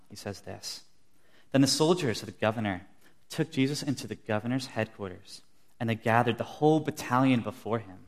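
A young man preaching a sermon, earnest, telling stories and acting out the quotes he gives. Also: lowish voice. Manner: earnest, storytelling with acted-out quotes.

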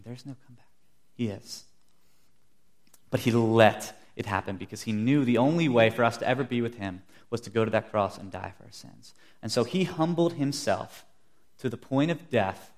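A young man preaching a sermon, earnest, telling stories and acting out the quotes he gives. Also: lowish voice. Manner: earnest, storytelling with acted-out quotes.

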